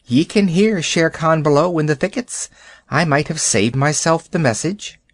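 A man voicing a sly, fawning male jackal who wheedles and flatters spitefully, in a storybook reading. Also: a little high, normal speed, no room sound, pitched above the performer's own voice. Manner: wheedling, sing-song, mischievous.

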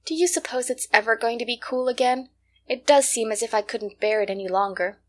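A woman reads the part of a wistful little girl, her voice lifted higher and thin with fretfulness. She pleads in a storybook reading. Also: a little fast, lightly acted. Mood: fretful.

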